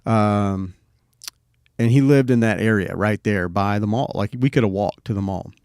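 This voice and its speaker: A middle-aged podcast co-host with a fairly low, slightly mellow and smooth voice tells a personal story at normal speed. He's laid-back and rambling, swearing freely, in studio-quality audio with no echo.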